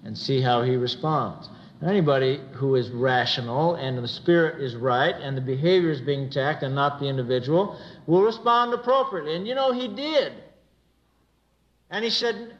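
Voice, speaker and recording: A man's voice: on the high side, normal speed. A man speaking earnestly at a church gathering, telling stories and acting out quoted dialogue. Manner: earnest storyteller who acts out quoted dialogue. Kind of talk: religious talk with stories. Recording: dull lo-fi recording.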